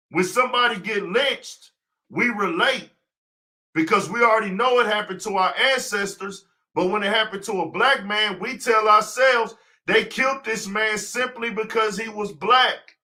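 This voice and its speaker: A man's voice: high voice, pushed and bright. A man hosting a casual livestream talk show, preaching his point with rhetorical questions he answers himself. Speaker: podcast host.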